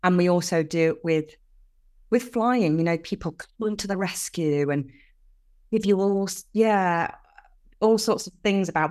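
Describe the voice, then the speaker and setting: An older woman, a podcast guest explaining things earnestly with lively emphasis in casual conversation. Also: fairly low pitch, normal speed.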